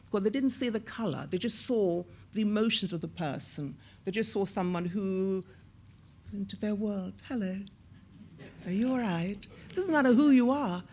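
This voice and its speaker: A woman in her sixties, an actor and former TV presenter, telling lively stories in an onstage interview and acting out the voices she quotes. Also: medium pitch, normal speed. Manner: lively storyteller who acts out quoted voices. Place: on a stage at a screening event.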